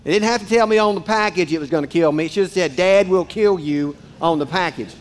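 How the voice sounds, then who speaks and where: A pastor with a slightly high voice speaks fast, preaching a casual, joking sermon directly to his congregation in a church sanctuary.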